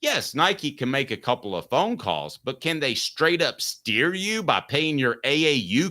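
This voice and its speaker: A man's voice: medium pitch, very animated, a little slow, hardly any pauses, bright, forceful tone. A man hosting a sports talk show, opinionated and emphatic, arguing his points with rhetorical questions.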